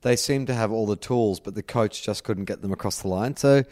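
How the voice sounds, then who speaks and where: A man's voice: lowish voice, fairly quick, dry recording, studio quality. An Australian man co-hosting a sports podcast, joking and swearing in casual chat. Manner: playful, swearing, lively intonation. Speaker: podcast co-host.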